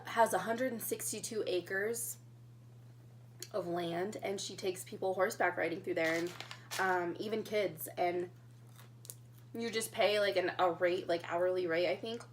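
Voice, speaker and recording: A woman's voice: medium pitch, fairly even intonation, a little slow, slight background noise. A young woman telling a story in a casual mukbang vlog, chatting while she eats. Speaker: vlogger.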